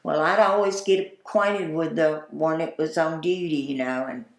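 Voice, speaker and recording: An older Southern US woman with a deep voice, a former store owner, tells folksy stories at a normal pace in an oral history interview. She is chatty and laughs through her anecdotes, and the recording sounds roomy.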